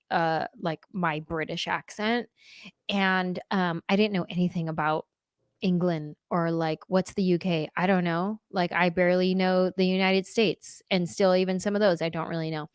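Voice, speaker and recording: A woman hosting a casual chat show, talking in a chatty, playful way with quick asides. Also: lowish voice, steady tone, clean tone, dry recording, clean studio sound. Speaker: host.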